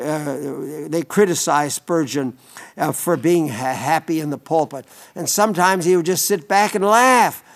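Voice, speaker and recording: An older man delivering a sermon, earnest and folksy, often breaking off and restarting his sentences. His voice sits a little higher than most men's. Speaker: preacher.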